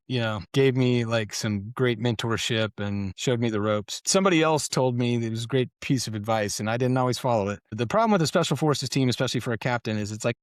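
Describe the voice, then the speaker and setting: A middle-aged man, a podcast guest, telling relaxed, casual stories and swearing now and then. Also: medium pitch, no room sound, clean studio sound. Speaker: guest, retired Special Forces colonel. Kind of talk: casual conversational storytelling. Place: podcast studio.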